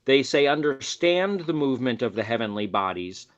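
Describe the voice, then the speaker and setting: A man's voice: mid-range voice, big pitch swings, moderate pace, highs cut off. A man talking earnestly on a panel, explaining at length with restarts. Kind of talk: casual group discussion.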